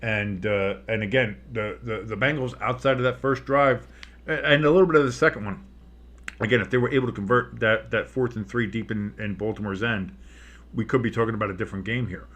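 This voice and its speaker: A man's voice: fairly low pitch, fairly quick, fairly bright tone. A man giving casual live play-by-play commentary on a football game, rambling and swearing as he reacts. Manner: rambling, swears, restarts his sentences.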